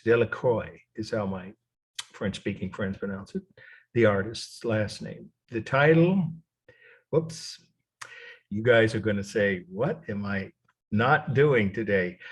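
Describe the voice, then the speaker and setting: A man's voice: on the low side, breathy edge. A middle-aged man teaching a college art history lecture, rambling and correcting himself as he goes, spelling names out letter by letter.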